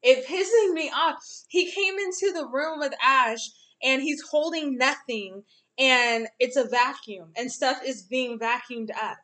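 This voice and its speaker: Young woman ranting in casual chat, high voice, swears a lot, keeps laughing. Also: measured pace. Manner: animated, profane, laughs often.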